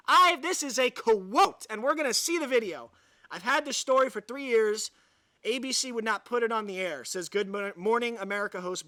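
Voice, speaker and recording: A man's voice: sits high, pushed and bright, no echo. Sarcastic, exasperated man on a livestream. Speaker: livestream host. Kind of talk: ranting live commentary, reading an article aloud.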